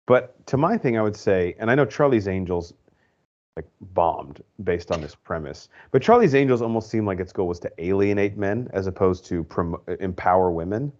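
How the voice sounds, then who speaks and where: A low-voiced, slightly mellow man co-hosts a podcast, rambling through opinionated movie reviews in casual, filler-heavy chat. He speaks at a normal speed with lively intonation, and the audio is dull and lo-fi.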